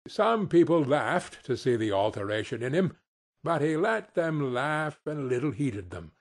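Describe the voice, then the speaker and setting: A man narrating an audiobook in an expressive, unhurried storytelling manner. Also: medium pitch.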